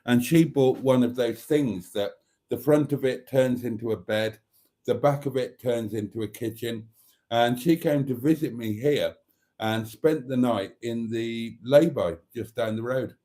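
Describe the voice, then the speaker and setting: A man's voice: mid-range voice, unhurried, mellow. A man hosting a casual live stream, reading viewer comments aloud and chuckling often.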